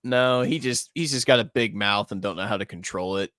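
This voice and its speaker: A man's voice: on the low side, brisk, fairly bright tone. A man on a casual podcast, chiming in with short, blunt comments.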